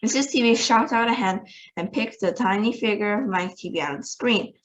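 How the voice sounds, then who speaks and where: A woman reading a children's novel aloud as the host of a reading channel, with lively and expressive narration. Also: mid-range voice, fairly quick, poor audio. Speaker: storybook reader.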